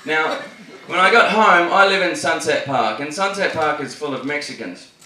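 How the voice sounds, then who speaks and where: Cheeky Australian comic on stage. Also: male voice, on the high side, lively intonation, moderate pace, bright, forceful tone. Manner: cheeky, swears a lot, tells story jokes. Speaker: stand-up comedian. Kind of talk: stand-up comedy set. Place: comedy club stage. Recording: echoey club, distant mic, noisy.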